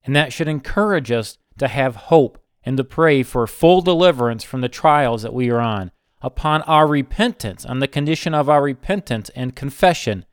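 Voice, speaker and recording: A man preaching a Bible sermon, slow and emphatic, repeating short phrases. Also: medium pitch, lively intonation, clean tone, no room sound, studio quality.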